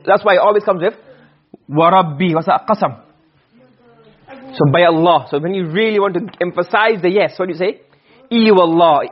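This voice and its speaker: A man's voice: high voice, husky, dull audio. A man teaching an Arabic grammar class, asking questions and answering them himself, often repeating and restarting phrases. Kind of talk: classroom lecture.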